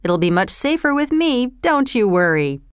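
A woman's voice: a little high, big pitch swings, normal speed, clear, resonant tone, no room sound, clean studio sound. A woman reading a storybook aloud, voicing a scheming old male thief leader who talks in an oily, falsely tender way. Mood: wheedling.

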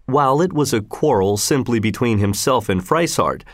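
A man narrating a story as an audiobook, reading in a lively, expressive way. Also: mid-range voice, normal speed, dry recording, studio quality.

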